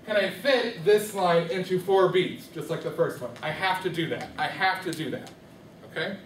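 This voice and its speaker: A man's voice that sits high, at normal speed, comes through slight background noise in an echoey classroom recorded from afar. He's a music teacher covering rhythm, constantly questioning students to confirm they're following.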